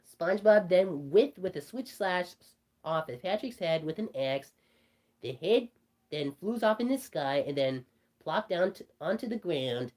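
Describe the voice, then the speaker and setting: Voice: medium pitch, expressive, a little slow, darkish tone, close to an everyday voice. A performer voicing a cartoon rabbit telling a creepy story, rambling with stumbling restarts. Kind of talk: storytelling in character.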